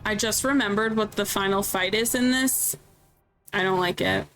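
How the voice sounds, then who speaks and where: Playing a video game on stream, a talkative woman in her thirties chats candidly and reacts out loud in casual commentary. She has a medium pitch, moderate pace and fairly bright tone. Soft background music accompanies poor-quality audio.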